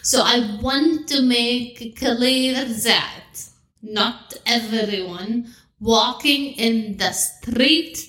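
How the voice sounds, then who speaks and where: A woman's voice: fairly high pitch, extremely slow, fairly bright tone, echoey room. A woman putting on a solemn Arabic-accented show host. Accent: put-on Arabic accent. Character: earnest Middle Eastern podcast host greeting viewers.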